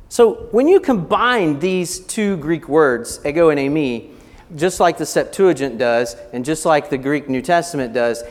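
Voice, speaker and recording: Animated high-voiced preacher in a reverberant hall. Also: male voice. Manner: explains step by step, checks in with "okay?" and acts out quick voices. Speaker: pastor. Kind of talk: sermon teaching.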